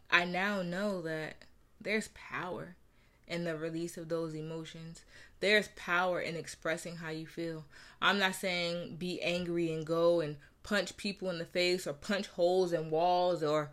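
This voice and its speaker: Earnest, bright-voiced woman sharing openly. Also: fairly low pitch, steady tone, unhurried. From New Jersey. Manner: earnest, candid, repeats phrases for emphasis. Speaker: mother sharing her story. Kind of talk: personal reflective talk.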